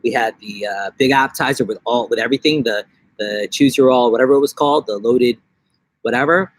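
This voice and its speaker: A young man from New York chatting on a casual live stream from his backyard, rambling and joking, with bursts of silly high-pitched voices. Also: brisk. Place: outdoors in a backyard.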